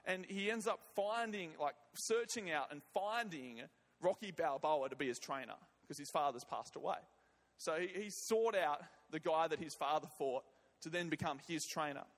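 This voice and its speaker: A man's voice: on the high side, normal speed, a bit bright. A man preaching a sermon and leading prayer, emphatic and often repeating words and phrases. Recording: long reverb of a large hall.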